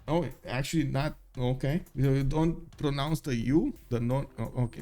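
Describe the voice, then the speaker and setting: A man's voice: mid-range voice, steady tone, a little fast, few pauses, warm tone, faint music behind. Male stream caster, mid-range voice, chatty, filler-heavy play-by-play. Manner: frequent "uh" fillers, casual chatty asides to viewers. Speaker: stream caster for a strategy game tournament. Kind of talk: live esports commentary on a stream.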